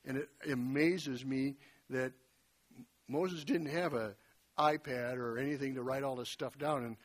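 A man preaching a sermon in a conversational way, retelling scripture with lively folksy asides and a slightly husky voice. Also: medium pitch, measured pace.

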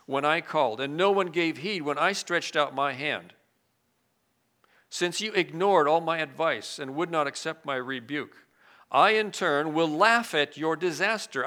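Bright-voiced man preaching with dramatic swings. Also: fairly high pitch. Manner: expressive, swings between loud emphasis and hushed asides. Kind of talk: sermon with scripture reading.

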